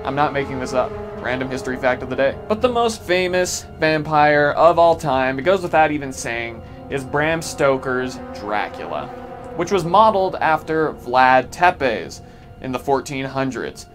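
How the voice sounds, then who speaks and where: A man narrating a history vlog, joking and irreverent between facts. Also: medium pitch. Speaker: video essay host.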